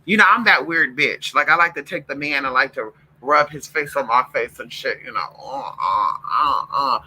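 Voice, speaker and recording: A man with a medium-pitched, sharp-toned voice talks at normal speed over poor audio with a slight hiss or hum. This vlogger chats casually on a livestream, sassy, campy and profane, calling viewers girl and honey and breaking off to fuss at his dogs.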